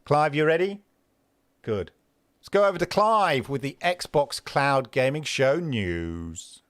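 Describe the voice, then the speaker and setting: Animated man chatting on a livestream. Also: a little high, slow, no room sound, studio quality. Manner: rambling, animated, talks back to chat. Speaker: host of a livestream gaming show. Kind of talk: casual livestream chat.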